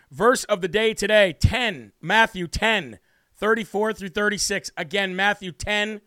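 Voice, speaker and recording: A man's voice: high-pitched, unhurried, sharp tone, dry recording, clean studio sound. A male talk show host giving a brash, emphatic, preachy monologue with a scripture reading.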